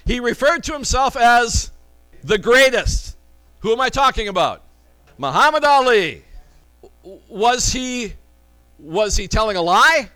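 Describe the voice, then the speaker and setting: High-voiced man preaching emphatically. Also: fairly bright tone, low-quality recording. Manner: emphatic, conversational preaching with rhetorical questions. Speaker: pastor. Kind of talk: sermon.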